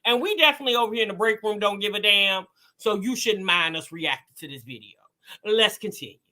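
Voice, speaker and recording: A woman hosting a reaction show, commenting with loud, teasing exclamations. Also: mid-range voice, lively intonation, a little fast.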